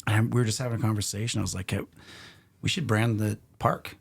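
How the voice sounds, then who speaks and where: A middle-aged man, a podcast guest, telling casual stories in an animated, rambling way full of restarts. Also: fairly low pitch, fast, gravelly, slightly rough. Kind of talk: casual storytelling.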